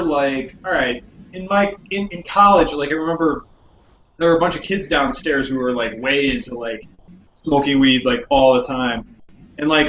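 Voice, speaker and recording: A man's voice: on the high side, a bit bright, roomy sound, muffled recording, slight background noise. A man on a casual podcast, rambling and saying "like" a lot. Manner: rambling, heavy use of "like". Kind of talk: casual chat.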